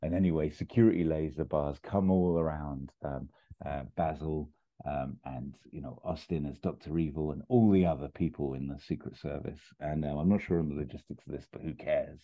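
A man casually pitching a comedy plot, rambling and chuckling with quick put-on voices. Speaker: podcast host pitching a film plot. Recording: tinny phone-like line.

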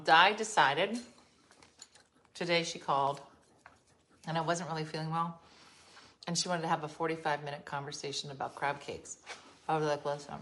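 A woman with a low-pitched voice talks to her viewers on a livestream from her home. She tells stories in a chatty, exasperated way, with quick asides. She is recorded on a phone. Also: fairly bright tone, slight background noise. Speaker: livestream host. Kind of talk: casual live chat with viewers. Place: her home, being renovated.

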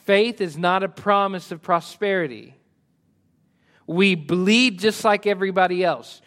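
Man preaching a sermon, fairly high voice. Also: unhurried. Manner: preaching with swells of emphasis and soft dropped asides. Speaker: pastor.

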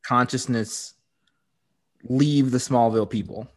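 A man's voice: mid-range voice, fairly even intonation, slow pace. A man co-hosting a podcast, recapping an episode in casual chat and laughing often. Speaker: podcast co-host.

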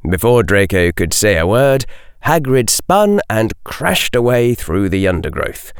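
Low-voiced male narrator for audiobook, slow and measured, dry studio sound. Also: big pitch swings, smooth, no room sound. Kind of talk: audiobook reading.

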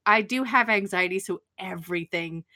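Bright, wry young woman bantering. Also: mid-range voice, normal speed. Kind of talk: casual chat.

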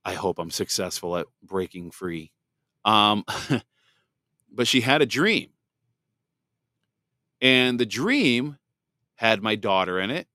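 A man's voice: lowish voice, big pitch swings, slow, long pauses, bright, forceful tone, no room sound, studio quality. A man in his thirties hosting a podcast, telling a personal faith testimony in a candid, rambling way with many restarts. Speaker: podcast host.

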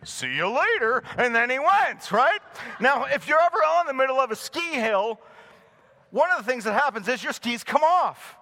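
A middle-aged male pastor preaching to a live congregation, telling a personal story with animated delivery and frequent chuckles. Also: extremely high pitch, moderate pace.

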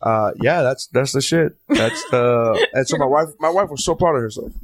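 A man's voice: mid-range voice, normal speed, no echo. Young male host, rambling storyteller with a mid-range voice, dry close sound, swears a lot. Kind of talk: casual chat.

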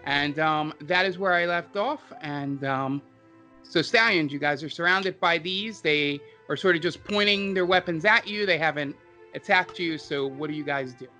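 A man narrates a tabletop game as game master in a fairly high, bright voice. He stops often with ums and uhs as he goes. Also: soft background music. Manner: halting, with many ums and uhs.

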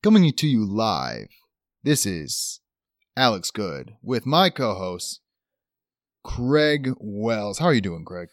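A man's voice: lowish voice, very animated, takes it slowly, no echo, heavily acted. A man playing a formal studio news anchor in a comedy improv bit, with a mock-serious delivery.

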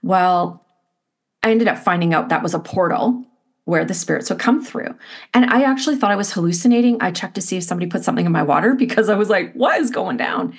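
A middle-aged woman, an interview guest, telling a personal story in an animated, expressive way with lots of "like" fillers. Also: on the low side, fast talker.

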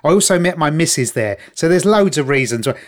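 A man's voice: on the high side, lively intonation, fairly quick. A man in casual podcast banter, blunt and crude with jokey asides. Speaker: podcast co-host. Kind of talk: casual chat.

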